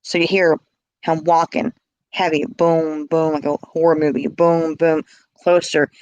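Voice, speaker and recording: A woman's voice: deep voice, level tone, a little slow, a little mellow, dull audio. A woman telling her own story in casual speech, blunt and emphatic, often repeating words.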